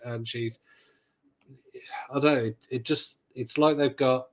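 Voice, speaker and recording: Male podcast co-host, mid pitch, loose rambling chat with dry sarcasm. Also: steady tone, measured pace. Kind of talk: casual chat.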